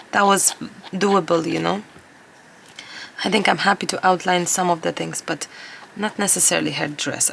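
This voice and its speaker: Hoarse, gravelly chatty woman. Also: medium pitch, sharp tone, a little hiss or hum. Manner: chatty, rambling, laughs often. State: hoarse, losing her voice. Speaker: collage artist and craft vlogger. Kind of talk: casual crafting chat to camera.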